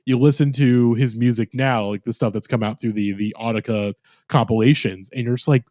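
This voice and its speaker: Animated storytelling man, dry close mic. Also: medium pitch, fairly quick, no room sound. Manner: animated storyteller who acts out quotes and swears. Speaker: podcast guest. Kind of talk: casual podcast chat.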